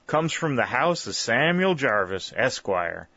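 A man's voice: mid-range voice, big pitch swings, a little slow, pushed and bright, no room sound, full character voice. A man reading voicing a hearty middle-aged backwoods mountain man who talks in a folksy, jovial drawl. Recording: dull, lo-fi dry recording.

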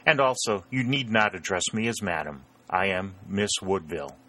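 A proud young lady of the house, as a male narrator puts her on, cold and lofty toward unwelcome officers. Her crisp lines come in the performer's own very low voice. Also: normal speed, sharp tone. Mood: icy. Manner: icy, lofty.

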